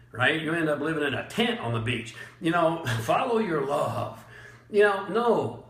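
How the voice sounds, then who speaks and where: A man giving a motivational talk as a leadership coach, blunt and emphatic, chuckling often and using dramatic pauses. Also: fairly high pitch, fairly bright tone, echoey room. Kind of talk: motivational monologue.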